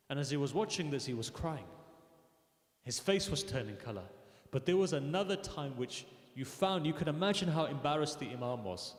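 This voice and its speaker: A slightly high-voiced man delivers an emotional sermon in a mosque hall, recounting a mournful religious tale and voicing the people in it with rising intensity. Long reverb fills the echoey room.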